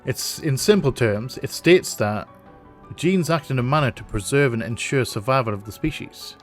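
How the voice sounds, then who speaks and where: A man voicing a patient male scientist, explaining things in a measured way. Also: medium pitch, lively intonation, faint music behind, natural voice.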